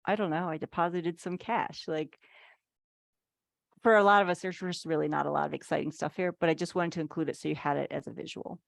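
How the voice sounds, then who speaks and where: In a relaxed online workshop for business owners, a financial speaker teaches at a fairly quick pace in a low, gravelly voice. She chats casually, using lots of "like"s and mini acted-out asides, and the video call captures her close and dry, with no room echo.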